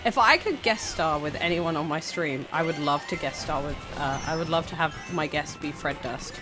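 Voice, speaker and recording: A woman's voice: low voice, normal speed. A woman streamer chatting casually, rambling and giggling, with frequent stammering restarts. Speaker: VTuber streamer. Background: faint background music.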